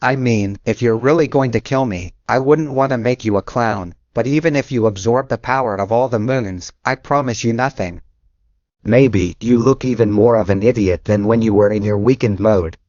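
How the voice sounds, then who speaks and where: Male narrator as a smug old demon god for an audio story; taunting, unhurried, dry and dull lo-fi sound. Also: medium pitch, darkish tone, dry recording, close to an everyday voice. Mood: mocking.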